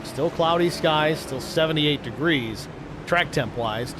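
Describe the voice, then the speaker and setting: Higher-voiced male race caller, noisy feed. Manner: brisk, matter-of-fact race calls. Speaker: play-by-play host. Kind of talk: sim racing play-by-play commentary.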